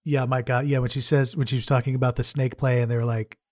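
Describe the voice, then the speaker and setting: A man's voice: medium pitch, little pitch movement, quick pace, darkish tone, dry recording, studio quality. A man co-hosting a casual podcast, joking and rambling with frequent restarts. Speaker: podcast co-host.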